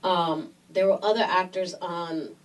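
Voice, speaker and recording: A middle-aged woman from Brooklyn with a New York Puerto Rican accent, telling a story in an interview, animated and acting out voices. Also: fairly low pitch, unhurried, far from the mic, poor audio. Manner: lively storyteller, acts out voices, laughs often. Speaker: guest actress.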